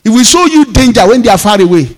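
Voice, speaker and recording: A Nigerian-accented pastor preaches in a notably high voice, telling his own story with emphatic, punchy phrasing. He mixes in proverbs and builds each point with vivid storytelling. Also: expressive, fast. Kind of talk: sermon.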